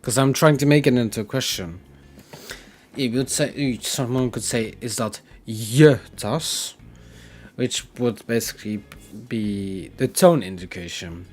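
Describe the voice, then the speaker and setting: A man's voice: medium pitch, normal speed. A man with a Dutch accent teaching his language on a casual livestream, rambling and correcting himself as he explains with examples.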